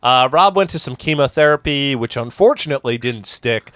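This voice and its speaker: A man's voice: mid-range voice, expressive, fairly quick, fairly bright tone, dry recording, studio quality. A man hosting a casual comedy podcast, presenting a story with jokes and laughs. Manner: jokey, laughs often, mildly profane. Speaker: podcast host presenting a topic.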